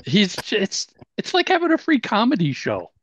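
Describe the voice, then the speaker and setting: Upbeat podcast host, dry close sound. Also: male voice, high-pitched, wildly swooping pitch, moderate pace, no echo, highs cut off. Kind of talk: casual podcast chat.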